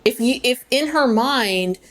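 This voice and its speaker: A woman co-hosting a podcast in casual chat, blunt and animated, often acting out what others said. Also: a little high, measured pace. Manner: blunt, animated, quotes people in voices. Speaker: podcast co-host.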